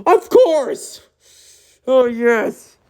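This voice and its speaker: A woman ranting in a movie review, angry, repeating herself and breaking into shouts. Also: high voice, very animated, extremely slow. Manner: repeats herself and restarts often.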